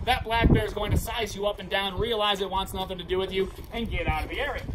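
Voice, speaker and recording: Male park ranger, high voice, projecting to a crowd outdoors, heard from a distance with loud noise around. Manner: projecting, upbeat, leads call-and-response. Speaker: park ranger giving a talk.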